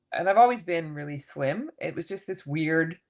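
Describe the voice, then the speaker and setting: A woman's voice: low voice, a little slow. A woman in her fifties telling her own story candidly as a guest in a casual interview, acting out what people said. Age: 50s. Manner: candid, animated storytelling with acted quotes. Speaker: guest coach.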